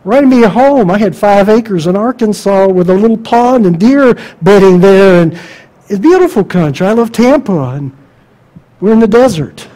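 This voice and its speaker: A man preaching a sermon, emphatic and conversational, asking the congregation rhetorical questions and dropping to quiet asides. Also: sits high, expressive, normal speed, low-quality recording.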